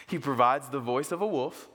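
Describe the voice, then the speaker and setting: Animated preacher with hall reverb. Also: male voice. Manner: animated, jumps to high excited pitch for emphasis. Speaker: pastor. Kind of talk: sermon. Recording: long reverb of a large hall.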